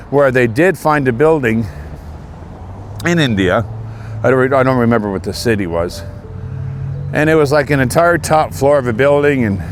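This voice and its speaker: A man's voice: mid-range voice, slight background noise. A man from Canada talking casually while out on a walk, earnest and indignant, with a preachy edge. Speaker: vlogger. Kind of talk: casual walking monologue. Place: outdoors on a walk near traffic.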